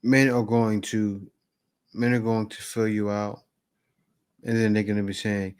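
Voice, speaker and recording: A man's voice: fairly low pitch, little pitch movement, measured pace, pauses often, a little mellow, clear, resonant tone. A man hosting a reaction video, commenting casually on clips, laughing and repeating phrases.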